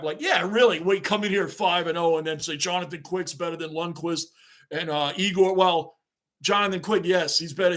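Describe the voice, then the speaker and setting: A man's voice: sits high, a bit bright. A man hosting a live sports reaction stream, chatting with viewers, greeting them by name and ranting about the game.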